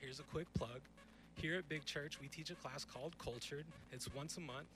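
A man's voice: fairly high pitch, normal speed, sharp tone, faint music behind, poor audio. A young man in his twenties preaching a sermon on a church stage, emphatic and conversational, full of rhetorical questions. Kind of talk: youth sermon.

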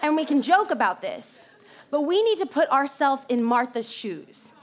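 A woman preaching a sermon in an animated, joking storytelling manner. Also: high-pitched, normal speed, some chatter behind. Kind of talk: comedic sermon.

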